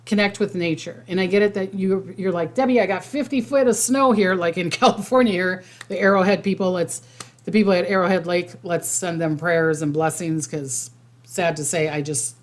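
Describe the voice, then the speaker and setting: A woman's voice: on the low side, little pitch movement, moderate pace. Rambling woman psychic host. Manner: rambling, many restarts and fillers, reads viewer comments aloud. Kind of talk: casual livestream chat.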